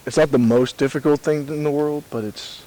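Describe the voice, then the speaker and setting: A man from Detroit joining a casual podcast chat, calm and brief. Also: a little high, fairly quick, poor audio. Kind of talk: casual chat among friends.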